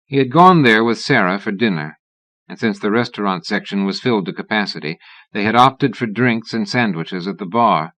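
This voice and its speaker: A man reading a horror novel aloud as an audiobook narrator, in a measured, even-toned way. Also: fairly low pitch, dry recording.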